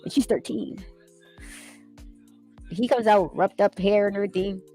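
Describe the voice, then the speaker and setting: A woman in casual chat who talks fast and acts out quotes with animated voices. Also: medium pitch, soft background music, low-quality recording. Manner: fast-talking, animated storyteller acting out quotes.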